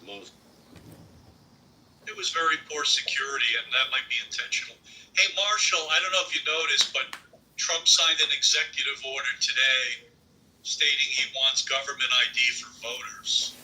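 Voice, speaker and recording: A man's voice: mid-range voice, moderate pace, bright, forceful tone, recorded from a distance, a little hiss or hum, low-quality recording. A man from California in a casual political chat, joking in a provocative way.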